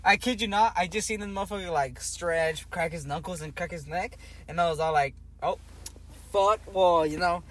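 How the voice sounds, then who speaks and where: Young man telling wild stories, high voice. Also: moderate pace. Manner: animated, heavy swearing, lots of "like" and "bro". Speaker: podcast host. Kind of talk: casual storytelling chat.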